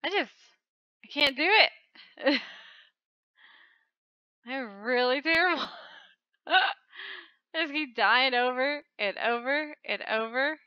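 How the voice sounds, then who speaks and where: Woman host, excitable and gasping, commenting on her own play. Smooth, crisp voice on a dry, dull recording. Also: high voice, slow pace, long pauses, dry recording. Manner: excitable, frequent gasping exclamations. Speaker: channel host. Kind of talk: casual game commentary.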